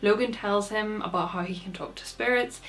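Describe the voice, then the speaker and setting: A woman's voice: medium pitch, fairly bright tone, slight background noise. Chatty woman recapping a book. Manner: chatty, playful, slips into quick voices for characters. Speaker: book vlogger. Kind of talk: casual plot recap.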